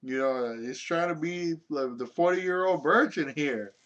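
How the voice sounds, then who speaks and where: A man's voice: a little high, a little slow, fairly bright tone, muffled recording. A young man telling a story from his own life in a rambling, casual way, full of filler words and swearing.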